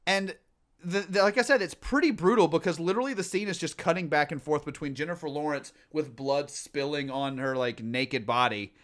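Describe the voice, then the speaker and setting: A man's voice: fairly high pitch, brisk. A man co-hosting a podcast, chatting casually and telling long stories with lots of fillers and restarts. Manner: rambling, animated storytelling with many fillers. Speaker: podcast co-host. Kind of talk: casual chat.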